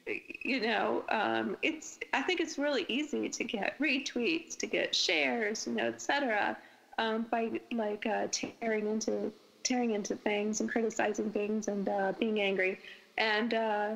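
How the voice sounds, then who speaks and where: A woman's voice: a little high, measured pace, creaky, a bit bright, low-quality recording. A woman author, a guest on a podcast interview, chatting casually and enthusiastically, with lots of fillers and restarts. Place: podcast recording.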